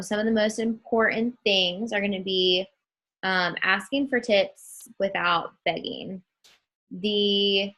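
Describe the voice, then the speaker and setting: A woman leading a casual training call for new models, talking in a slow and chatty way with many ums and calling her listeners guys. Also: medium pitch, bright, forceful tone, rough recording.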